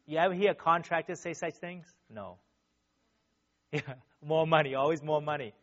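A man's voice: a little high, moderate pace, fairly bright tone. A man giving a sermon through personal stories, earnestly and animatedly, tagging almost every sentence with a questioning "right?". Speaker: church speaker. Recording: dull, lo-fi sound.

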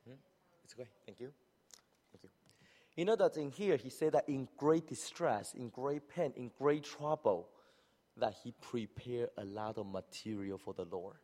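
Animated male preacher in a reverberant church. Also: moderate pace. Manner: animated, acts out hypothetical speakers with rising pitch. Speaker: pastor. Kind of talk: sermon. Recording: long hall reverb.

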